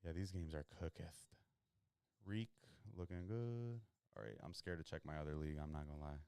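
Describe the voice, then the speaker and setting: A man hosting a live watch stream, chatting casually and reacting in excited bursts to a football game. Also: extremely low pitch, normal speed, clear, resonant tone, no echo, studio quality. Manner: excitable, chatty, jumps between worry and hype.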